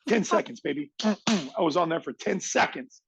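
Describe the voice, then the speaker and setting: A man's voice: a little high, lively intonation, moderate pace, vocal fry, noisy background. A middle-aged man, a podcast guest, tells a motivational story with emphatic energy and acts out other people's lines.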